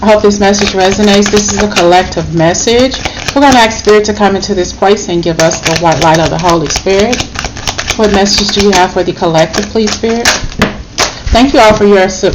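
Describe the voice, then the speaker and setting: A woman reads tarot in a loose, talky way, emotional and blunt, with swearing and a habit of tacking on "okay?". Her voice sits at a middling pitch. The recording is noisy, with clicking sounds behind her. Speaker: tarot reader. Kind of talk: casual spoken tarot reading.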